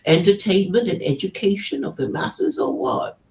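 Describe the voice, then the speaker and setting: A woman's voice: mid-range voice, animated, normal speed, a little mellow. A woman in casual chat on a stream, teasing and laughing often.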